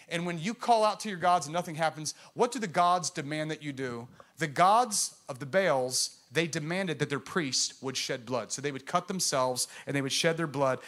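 Passionate male pastor in midlife, slightly high voice, questions the crowd, ranges from booming to hushed. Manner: impassioned, swings from loud proclamation to hushed intensity; engages the congregation with questions. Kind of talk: sermon.

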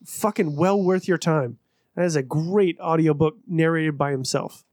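Excitable high-voiced man co-hosting. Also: moderate pace, dry recording, studio quality. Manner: excitable, profane. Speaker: podcast co-host. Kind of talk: casual podcast banter.

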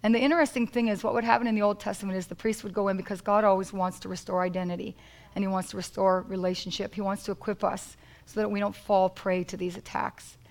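A woman's voice: mid-range voice, level tone, quick pace, low-quality recording. A woman preaching a sermon in church, emphatic and repetitive, calling out to the congregation.

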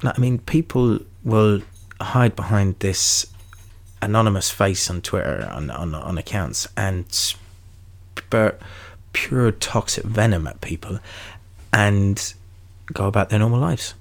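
On his own podcast, a young man from London with a London accent rambles casually, restarting sentences and swearing liberally. His fairly low voice moves slowly, with lively intonation and vocal fry.

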